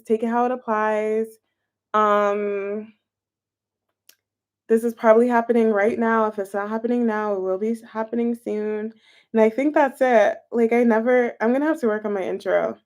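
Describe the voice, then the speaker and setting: A young woman with a slightly high voice speaks right into a phone camera held close. She runs a casual live tarot reading, chatting with viewers and musing aloud as she turns the cards. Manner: chatty and animated, reads chat aloud, thinks aloud over cards. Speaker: tarot reader streaming live.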